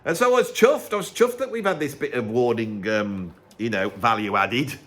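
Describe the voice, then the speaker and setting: A man's voice: medium pitch, expressive, moderate pace, fairly bright tone. A middle-aged man with a Birmingham accent, talking straight to camera in a chatty, sarcastic vlog. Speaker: musician and YouTuber.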